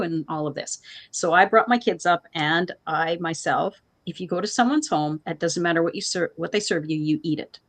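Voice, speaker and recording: Animated woman host telling family stories. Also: moderate pace. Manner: animated storyteller, acts out family members in higher voices, laughs often. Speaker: co-host of a morning show. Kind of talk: casual storytelling chat.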